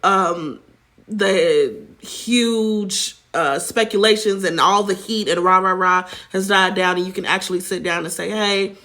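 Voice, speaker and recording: Sassy woman gossip host with a gravelly edge, talks straight to her viewers. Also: mid-range voice, a little slow, bright, forceful tone. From United States. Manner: sassy, chatty, addresses viewers as child and honey. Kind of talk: casual celebrity gossip commentary.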